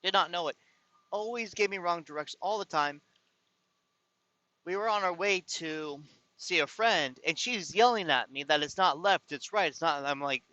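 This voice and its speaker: A man's voice: on the high side, animated, moderate pace, sharp tone, no room sound, low-quality recording. A man telling a personal story to his viewers in a casual, rambling way, often exasperated and restarting his sentences. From California. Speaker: vlogger.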